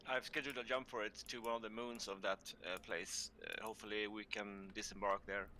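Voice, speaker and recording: A man talking with friends over voice chat during a game stream, relaxed and hesitant with uhs. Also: fairly low pitch, a little fast, slight background noise.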